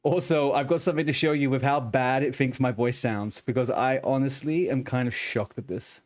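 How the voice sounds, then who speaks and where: A man's voice: medium pitch, steady tone, moderate pace. A man streaming a game, chatting casually to viewers, swearing often and restarting his sentences. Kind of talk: casual live-stream chat.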